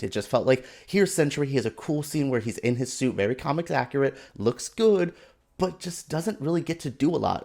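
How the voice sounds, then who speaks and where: A man giving a casual, animated and exasperated opinion rant as a film commentator, with sarcastic asides. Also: mid-range voice.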